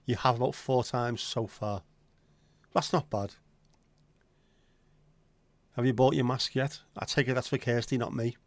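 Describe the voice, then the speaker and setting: A man's voice: mid-range voice, measured pace, long pauses, dry recording. Chatty man hosting a livestream. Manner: chatty and joking, answers viewer comments. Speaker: livestream host. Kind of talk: casual livestream chat with viewers.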